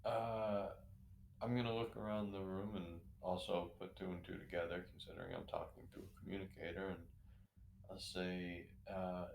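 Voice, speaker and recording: A man's voice: low voice, flat delivery, moderate pace, vocal fry, darkish tone, slight background noise. A man in a tabletop role-play describing his character's actions in a loose, mumbling way. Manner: mumbling, loose, filler-heavy.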